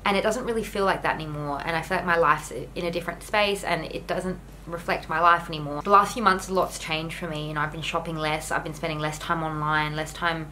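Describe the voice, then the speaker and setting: A woman's voice: deep voice, fairly even intonation, fairly quick, hardly any pauses, bright, forceful tone, slight background noise, rough recording. A young woman talking candidly to camera in a home vlog, earnest and rambling with lots of "like" fillers. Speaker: YouTuber.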